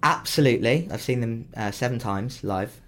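A young man, a musical theatre performer, chatting casually and telling animated stories. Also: normal speed, slight background noise. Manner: animated storytelling with big pitch leaps. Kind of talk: casual chat.

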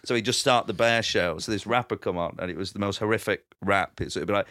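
A man's voice: lowish voice, quick pace, dry recording, studio quality. A man, telling stand-up stories in a casual podcast chat, acting out quotes and laughing often. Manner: animated storyteller, acts out quotes, laughs often. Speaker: comedian guest.

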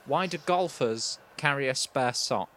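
A man hosting a relaxed comedy chat, reading out jokes flatly and dryly. His pitch sits at an ordinary middle height, and his delivery stays understated and matter-of-fact. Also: measured pace.

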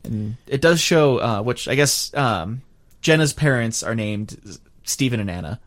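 A man's voice: mid-range voice, lively intonation, unhurried, fairly bright tone. A man co-hosting a podcast, chatting casually about a film with plenty of fillers. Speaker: podcast co-host. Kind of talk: casual chat.

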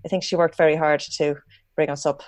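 A woman's voice: low-pitched, steady tone, fast, no echo. A woman with a rural Irish accent, a guest answering interview questions and laughing often as she talks. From Ireland. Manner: warm, laughs often while talking. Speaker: guest, dressage rider. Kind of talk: casual interview chat.

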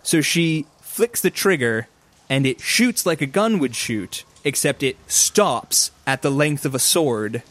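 A man narrating a tabletop game as game master, describing scenes in a casual way with quick asides. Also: on the high side, animated, a bit bright.

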